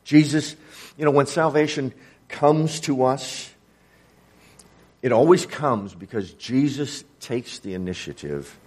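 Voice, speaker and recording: A man's voice: medium pitch, slow pace, a little mellow. A male preacher delivering a sermon, telling a story with acted-out dialogue.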